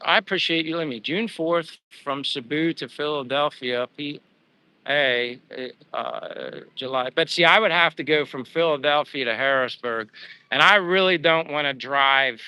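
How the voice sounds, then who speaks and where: A man's voice: medium pitch, sharp tone, smooth, no room sound. A man chatting casually on a live stream, rambling with many fillers as he answers viewers. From United States. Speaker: vlogger reading live chat. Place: outdoors while walking.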